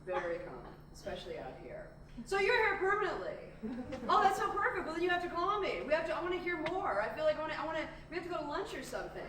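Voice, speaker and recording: A woman's voice: very high-pitched, sing-song, quick pace, a bit bright, far from the mic, slight background noise, heavily acted. A woman performing a gushing, self-absorbed fashion-industry woman in a solo stage comedy, rambling and giggling breathlessly. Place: theatre stage. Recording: echoey theatre, recorded from afar.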